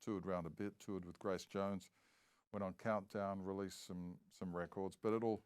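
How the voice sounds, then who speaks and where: A man's voice: low-pitched, steady tone, moderate pace, a little mellow, clear, resonant tone. A man from New Zealand with an Australian accent, a guest in a casual interview who tells long, rambling stories. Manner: rambling anecdotal storytelling.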